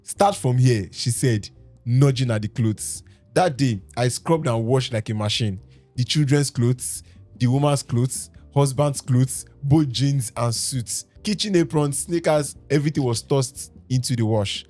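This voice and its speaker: Nigerian guy reading a story on a podcast, acts out the lines, laughs a lot, mid pitch, faint music behind. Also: unhurried, darkish tone. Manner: reads dramatically, breaks off to laugh and joke. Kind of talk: casual podcast reading with banter.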